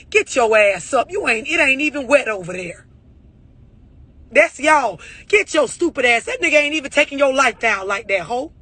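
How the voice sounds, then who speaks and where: Blunt, high-voiced ranting man. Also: pushed and bright, slightly rough. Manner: blunt, preachy, heavy on rhetorical questions. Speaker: motivational speaker. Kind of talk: profane motivational rant.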